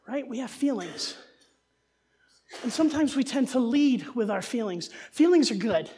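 A woman from New Jersey giving a sermon, telling a family story with jokey asides and animated delivery. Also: on the high side, moderate pace, breathy edge. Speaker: preacher.

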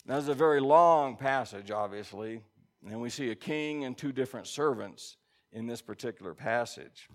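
A man's voice: medium pitch, moderate pace. A man preaching a sermon in a conversational way, reading scripture aloud and checking in with his listeners. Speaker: pastor.

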